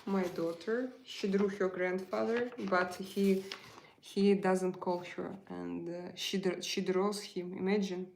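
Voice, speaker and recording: A middle-aged woman from Russia with a Russian accent, hosting a casual live chat, pausing often and searching for her words. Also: lowish voice, fairly even intonation, gravelly, darkish tone, a little hiss or hum, poor audio. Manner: halting, searching for words, many fillers. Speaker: livestream host.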